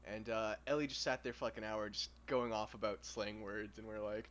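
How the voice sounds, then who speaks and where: A woman's voice: very deep voice, steady tone, a little fast. A young woman chatting casually on a podcast, with short, sarcastic replies. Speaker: podcast co-host. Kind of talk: casual chat.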